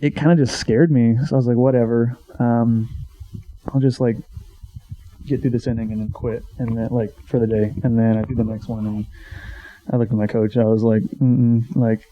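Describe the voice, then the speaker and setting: A man's voice: medium pitch, level tone, normal speed. A young man telling a long story in a casual, rambling podcast chat, full of swearing and filler words. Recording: dull lo-fi sound.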